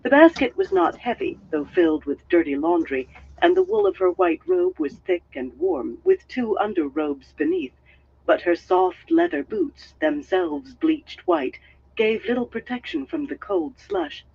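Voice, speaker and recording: A man reads a fantasy novel with a sing-song delivery that swoops high and low. His voice is high for a man, gravelly and husky, on dull lo-fi stream audio. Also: wildly swooping pitch, measured pace. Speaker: audiobook reader.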